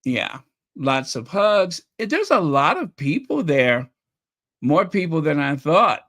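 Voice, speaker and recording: Emotional slow-talking man host. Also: a little high, very animated, a bit bright. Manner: chatty, openly emotional, repeats phrases. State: voice getting strained. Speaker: channel host reacting to video clips. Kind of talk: casual reaction commentary.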